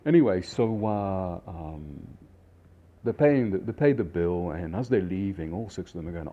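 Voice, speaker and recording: Low-voiced chef telling stories. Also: male voice, normal speed, vocal fry, breathy edge, lo-fi sound. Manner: rambling, animated, many fillers. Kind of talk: casual storytelling.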